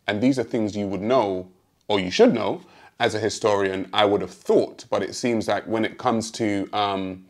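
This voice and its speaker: A British man hosting a response video, speaking in a measured, calmly pointed way straight to his critic. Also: fairly low pitch, creaky. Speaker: host answering a critic. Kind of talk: direct-address response video.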